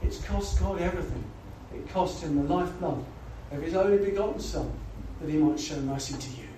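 Here a man with a fairly high, warm voice preaches briskly, pleading earnestly in a gospel sermon and often adding "you know." It was captured from far away in an echoey church or gospel hall, with faint noise underneath.

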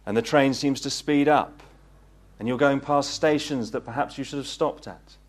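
Earnest man preaching a gospel sermon. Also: normal speed. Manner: earnest, pleading, rising to fervent peaks then dropping low. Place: meeting hall.

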